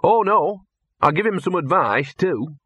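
A man's voice: high-pitched, expressive, measured pace, sharp tone, breathy edge, no room sound, voice pushed up, full character voice. Gaspode, a man doing a smug scruffy dog. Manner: sardonic, smug. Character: scruffy cynical talking mongrel dog, male.

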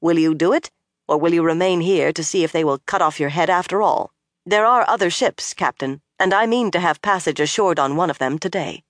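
An audiobook narrator voicing a stern young woman who gives orders briskly and firmly. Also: medium pitch, dry recording, studio quality, lightly acted. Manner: brisk and firm.

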